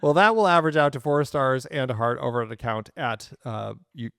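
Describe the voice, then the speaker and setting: Gravelly-voiced man co-hosting a podcast. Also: medium pitch, a little fast, no echo, clean studio sound. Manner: relaxed, amused, with filler words. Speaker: podcast co-host. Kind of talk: casual film-podcast chat.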